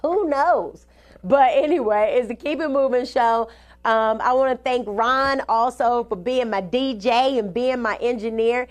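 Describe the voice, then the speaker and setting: Slow, chatty woman radio host. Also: fairly high pitch, no echo. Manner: chatty and loose, with asides and self-corrections. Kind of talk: casual radio chat.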